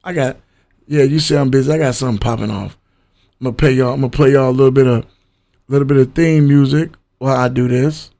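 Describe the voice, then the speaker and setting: A man's voice: mid-range voice, steady tone, fast talker, mellow. Chatty livestream host, man. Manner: loose, chatty, talks straight to viewers. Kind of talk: casual live-stream chat.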